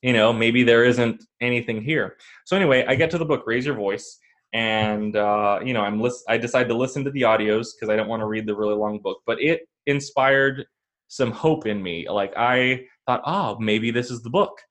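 A man's voice: mid-range voice, normal speed, a bit bright. A man co-hosting a podcast, telling a personal story in a rambling, casual way with many fillers and restarts. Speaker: podcast co-host.

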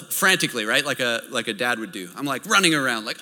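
A man preaching a sermon as a pastor. He tells stories in a lively way and keeps checking in with his listeners. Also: medium pitch, fast talker, hardly any pauses. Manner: lively storytelling, checks in with the audience. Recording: long hall reverb.

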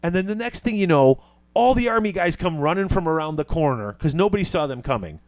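A man's voice: on the high side, a little fast, no room sound. Man animatedly recapping a movie. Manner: animated retelling, acting out quoted lines.

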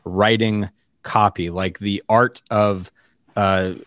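A man's voice: lowish voice, fairly even intonation, slow, fairly bright tone, dry recording, clean studio sound. A man interviewing a guest in casual chat, hesitant and restarting his sentences often. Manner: hesitant, many restarts and fillers.

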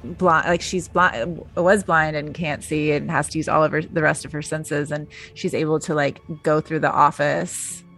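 A woman's voice: low-pitched, little pitch movement, normal speed, hardly any pauses, a bit bright, faint music behind. Woman rambling in casual film chat. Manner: rambling, lots of fillers. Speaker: podcast co-host.

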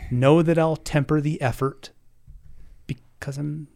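A man's voice: on the high side, steady tone, unhurried, gravelly, darkish tone. A man guesting on a podcast, chatting casually, laughing often and poking fun at himself, sometimes stumbling and repeating words. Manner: laughs often, self-deprecating. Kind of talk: casual chat.

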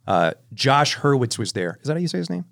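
This man's mid-range voice is gravelly and brisk as he hosts a film podcast, trading in casual storytelling and animated anecdotes that he often restarts.

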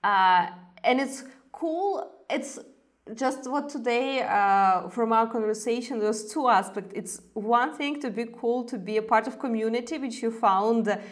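A woman's voice: a little high, a little slow. A woman hosting a casual interview, asking encouraging questions with filler words. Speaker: podcast host and dance club leader.

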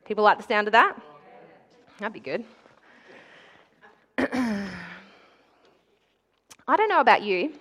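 A young woman giving an animated, conversational sermon with call-and-response in a church. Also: medium pitch, normal speed, lo-fi sound. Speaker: preacher.

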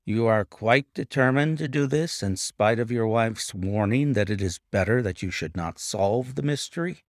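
Man doing a level-headed detective, slightly gravelly, dry close sound. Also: on the low side, moderate pace, hardly any pauses, dry recording, lightly acted. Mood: measured. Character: calm, measured male detective.

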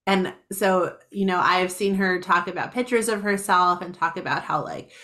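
A woman's voice: fairly low pitch, moderate pace, bright, forceful tone. A woman in her thirties hosting a podcast, talking in a reflective, conversational way. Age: 30s. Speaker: podcast host.

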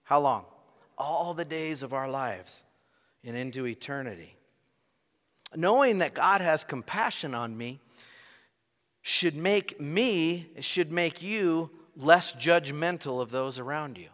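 A man's voice: a little high, lively intonation, slow, a bit bright. A man preaching a sermon as pastor, earnest and direct, appealing straight to his congregation in a church. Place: church sanctuary. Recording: long reverb of a large hall.

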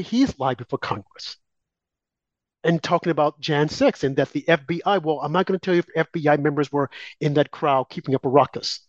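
A man's voice: a little high, no echo. A man co-hosting a political talk show, delivering emphatic, heated opinion commentary aimed at his co-host. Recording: dull, lo-fi and dry.

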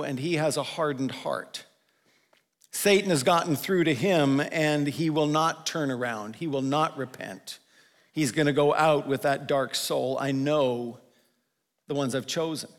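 A male pastor giving a conversational sermon, slowing down to stress the scripture he quotes. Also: on the high side, big-room sound. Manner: conversational preaching, quotes scripture with slowed emphasis.

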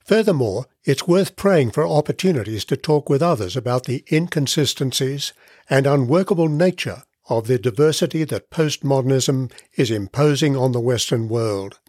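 A man giving a scripted devotional Bible teaching, reading in a measured, earnest way and leaning on key words. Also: medium pitch, animated, darkish tone, dry recording, clean studio sound.

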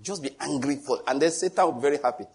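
A man's voice: medium pitch, racing, slightly rough. A middle-aged male pastor preaching a sermon, telling stories with a jovial, teasing manner and frequent chuckles. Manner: teasing, animated asides.

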